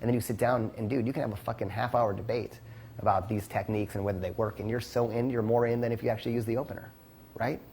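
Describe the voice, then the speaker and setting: A man's voice: lowish voice, fairly even intonation, fast talker, darkish tone, a little hiss or hum. A man teaching a casual seminar as a dating coach, rambling with lots of "like" and "you know" and the odd curse.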